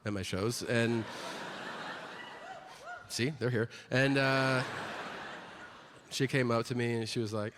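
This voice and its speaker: A man's voice: mid-range voice, steady tone, takes it slowly, pauses often, a bit bright. A man doing a stand-up comedy routine on stage, telling crude, wry stories and acting out quotes. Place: comedy stage before a live audience. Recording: live audience noise.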